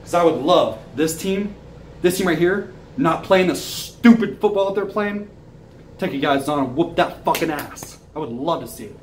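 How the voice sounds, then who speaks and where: A young man with a notably high-pitched voice delivers a heated fan rant. He swears freely and circles back to his points with mounting frustration. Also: lively intonation, moderate pace, a little hiss or hum, low-quality recording. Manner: angry, profane ranting. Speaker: sports fan commentator. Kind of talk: ranting fan commentary.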